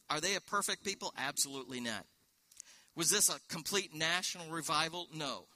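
A man delivers a sermon with a very bright, forceful voice, pitched a little higher than most men. He works through scripture with rhetorical questions and quoted verses. The sound is dry and close. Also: no echo. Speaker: pastor.

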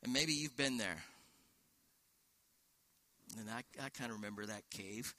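A man's voice: fairly low pitch, measured pace, pushed and bright, no echo. A man preaching a sermon in a church, walking through a scripture passage with rhetorical questions and quoted verses. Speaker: pastor.

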